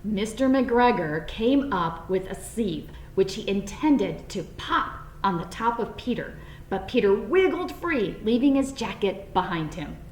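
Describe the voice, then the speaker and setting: A woman reading a children's storybook aloud in an expressive, playful way. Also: mid-range voice, a little slow, a little hiss or hum. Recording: roomy echo, faint background.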